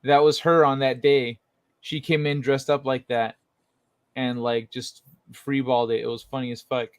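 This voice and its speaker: A man co-hosting a casual stream chat, relaxed and trailing off with fillers. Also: mid-range voice, moderate pace, no room sound.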